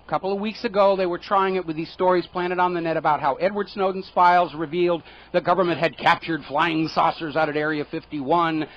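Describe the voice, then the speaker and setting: A man hosting a political talk radio show, sarcastic and indignant, jabbing with rhetorical questions. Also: a little high. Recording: dull lo-fi radio recording.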